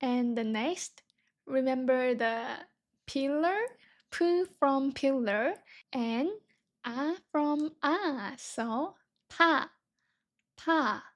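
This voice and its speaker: Young woman, language teacher, high voice, slow deliberate pace, patient syllable-by-syllable teaching. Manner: patient, sounds words out syllable by syllable. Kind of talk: slow beginner reading lesson.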